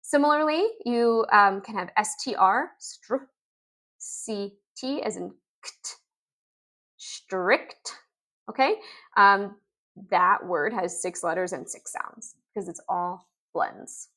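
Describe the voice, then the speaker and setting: A woman explaining reading lessons in an upbeat instructional video, sounding out letters and words slowly. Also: medium pitch, a bit bright. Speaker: literacy teacher.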